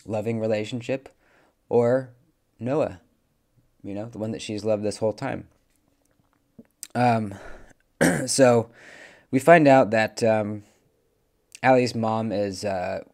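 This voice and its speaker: A man's voice: lowish voice, darkish tone. A man reviewing a movie, casually retelling the plot in a rambling way with lots of fillers and self-corrections.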